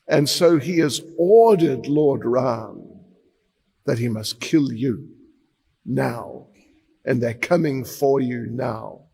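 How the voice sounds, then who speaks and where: A male monk tells a devotional story at a very slow, dramatic pace. His voice is husky and gravelly and sits a little high. A long reverb from the lecture hall trails behind him. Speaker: monk and preacher.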